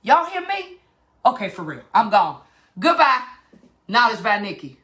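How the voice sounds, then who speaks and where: A woman's voice: fairly high pitch, very animated, measured pace, pushed and bright. A middle-aged woman, giving an impassioned motivational talk straight to her viewers. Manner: fired-up preachy, talks straight to viewers. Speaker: vlogger.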